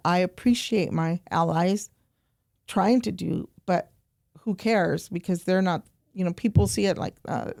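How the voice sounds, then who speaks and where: A woman guest on a podcast interview, telling animated stories and repeating points for emphasis. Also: lowish voice, a little slow, gravelly, dry recording, clean studio sound. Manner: animated storytelling, quoting herself and others. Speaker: guest, nonprofit program director.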